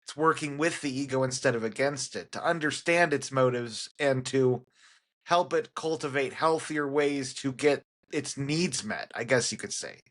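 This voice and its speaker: A man's voice: medium pitch, normal speed, fairly bright tone. A man co-hosting a spiritual podcast, speaking candidly and reflectively about his own inner work. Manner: candid, confessional, speaks from personal experience. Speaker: podcast co-host. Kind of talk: reflective personal sharing.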